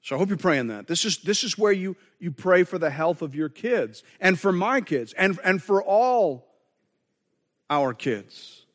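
A man's voice: high-pitched, animated, a little slow, big-room sound. A man preaching a sermon as pastor, earnest and conversational, often restarting his phrases.

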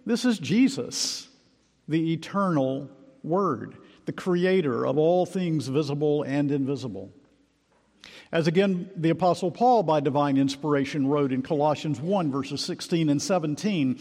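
A man preaching an expository sermon, emphatic and measured, slowing down to stress key words. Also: a little high, a little mellow. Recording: long hall reverb.

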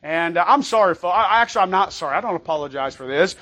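A man preaching a sermon as pastor, emphatic and conversational, often asking the congregation for an amen and reading scripture slowly. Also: sits high, expressive, pushed and bright. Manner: emphatic, calls for amens, reads scripture slowly.

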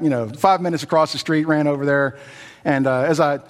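A man's voice: fairly high pitch, fairly even intonation, fast talker, big-room sound. A male pastor giving a sermon in a folksy, storytelling way with lots of "you know" fillers.

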